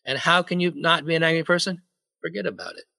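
Bright-voiced man preaching with humor. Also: a little high, quick pace, creaky, no echo. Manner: jokey, asks the congregation questions. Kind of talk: sermon.

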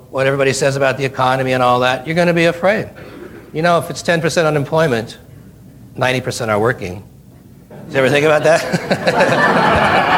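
A man's voice: mid-range voice, a bit bright, slight background noise. A middle-aged man preaching a Bible study, reading scripture aloud and stopping to quiz his listeners with folksy, joking asides. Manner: reads scripture then asks the listeners questions.

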